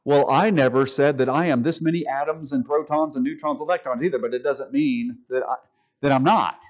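A man preaching a sermon to a live congregation, calling them folks and stressing key words with long pauses. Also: medium pitch. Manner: addresses listeners as folks.

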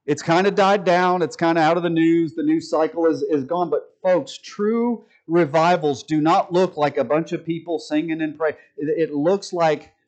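A man preaching a sermon to his church, his voice sitting a little higher than most men's. He talks in a folksy way and slips joking asides to the congregation between his points. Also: steady tone, moderate pace, hardly any pauses, darkish tone, low-quality recording. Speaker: pastor. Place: church sanctuary.

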